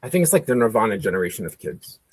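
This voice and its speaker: A man's voice: fairly low pitch, very animated, very fast, slight background noise. A man in his forties chatting casually and rambling while painting, often cutting himself off and swearing. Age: 40s. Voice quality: gravelly.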